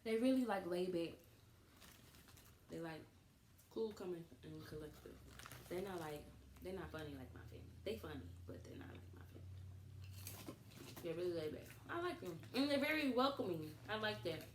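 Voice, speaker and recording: Animated woman in a roomy echo. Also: fairly low pitch, normal speed, pauses often. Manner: animated storytelling, laughs often. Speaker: co-host of couple channel. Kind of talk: casual couple chat. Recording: echoey room with faint noise.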